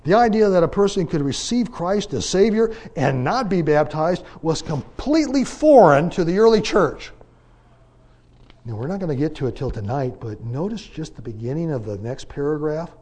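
A man teaches a Bible class in a conversational preaching style, posing rhetorical questions and driving home his points with emphatic shifts in volume. His voice runs on the high side, animated, at a normal speed.

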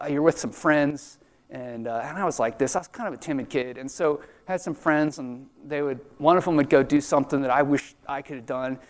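Guy preaching a sermon, super animated, voice jumps all over, big reverby hall. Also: high-pitched. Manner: animated and chatty, acts out the voices in the story. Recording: long reverb of a large hall.

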